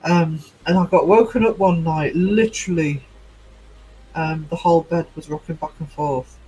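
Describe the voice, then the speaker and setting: A man's voice: a little high, fairly even intonation, normal speed, mellow, slight background noise, low-quality recording. A middle-aged man hosting a casual livestream, rambling chattily through stories and replies to his chat. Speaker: livestream host.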